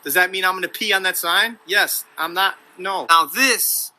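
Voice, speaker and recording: A man in his forties from the United States tells a combative story in a profane, mocking rant. His voice is high-pitched and sharp in tone, moving at a moderate pace.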